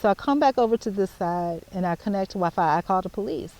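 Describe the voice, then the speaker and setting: Animated woman retelling a run-in. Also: medium pitch, fast, poor audio. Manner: animated, repeats herself, spells out details. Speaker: vlogger. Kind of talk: casual storytelling to camera.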